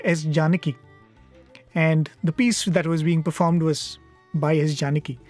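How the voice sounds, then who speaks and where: A man's voice: fairly high pitch, no echo. Reflective man telling a devotional story. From India. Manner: unhurried, reflective, with frequent pauses. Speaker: satsang speaker.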